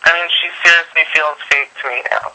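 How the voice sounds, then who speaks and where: A young man rambles through gossip on a phone call, swearing and padding every sentence with fillers. His voice sits a bit high and very bright and sharp, with the thin sound of a phone line. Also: fairly even intonation, brisk.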